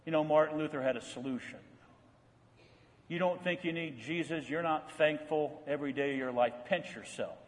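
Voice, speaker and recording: A male pastor delivers a sermon in a high voice, mixing folksy, homespun stories with earnest, quiet appeals. The sound rings with the long reverb of a large hall. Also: normal speed. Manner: storytelling, folksy, dropping low for earnest points.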